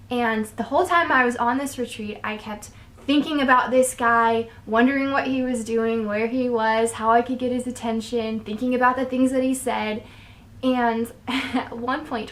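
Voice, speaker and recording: Young woman, faith vlogger, fairly high voice, earnest and chatty, wanders off on tangents. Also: slight background noise. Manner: earnest and chatty, drifts into tangents, laughs softly. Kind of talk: casual faith advice talk.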